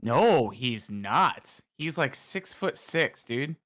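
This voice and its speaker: A man co-hosting a casual podcast who cracks jokes in an animated way. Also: mid-range voice, takes it slowly. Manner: wisecracking, animated. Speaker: co-host.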